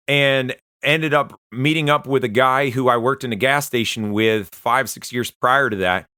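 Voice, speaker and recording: A man giving an earnest, conversational personal testimony, often pausing and restarting as he tells his story. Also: medium pitch, pushed and bright, no room sound, clean studio sound. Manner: earnest, conversational, halting retelling. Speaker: Christian testimony speaker.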